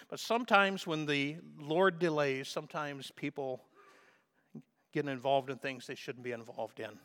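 A man's voice: a little high, a bit bright. A man preaching a sermon in an earnest, emphatic way, sometimes stumbling and restarting as he builds his points.

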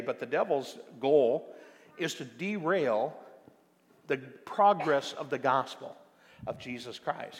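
Older preacher with a gravelly voice. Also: male voice, medium pitch, fairly bright tone. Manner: emphatic preaching with slow stressed phrases and many fillers. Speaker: pastor. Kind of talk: sermon. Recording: long hall reverb.

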